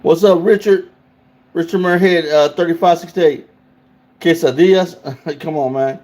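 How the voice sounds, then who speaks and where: A man's voice: a little high, a little slow, darkish tone. A man hosting a casual livestream, talking loosely and in slang straight to his chat. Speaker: livestream host.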